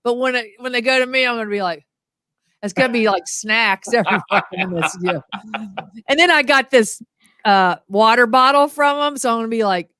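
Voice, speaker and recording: A middle-aged motivational humorist, appearing as a guest over a video call, chats casually and tells lively stories, acting out quotes in voices. Her clean voice is a little high and a little fast, recorded at studio quality with no room sound.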